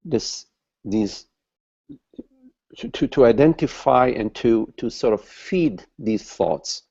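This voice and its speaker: Casting: man, spiritual teacher, gravelly dark voice, slow and halting, lo-fi call audio. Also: medium pitch. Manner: slow, halting, repeats words while searching for them. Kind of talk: satsang talk.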